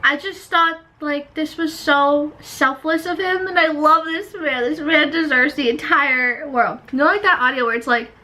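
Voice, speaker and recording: This young woman's high-pitched, sharp voice moves at a moderate pace with few pauses, and the audio is poor. She's a book vlogger chatting casually, full of "like," with her camera propped up without a tripod.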